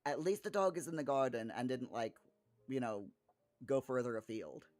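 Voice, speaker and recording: A man's voice: medium pitch, animated, moderate pace, darkish tone, no room sound, soft background music. Chatty man answering his viewers. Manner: rambling, with frequent restarts and chuckles. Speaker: streamer reading chat. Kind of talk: casual chat.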